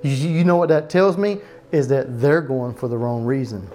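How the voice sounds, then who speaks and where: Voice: mid-range voice, normal speed, dark tone. Pastor preaching a casual home sermon. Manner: conversational preaching, frequent restarts and off-note asides. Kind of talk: home Bible-study sermon.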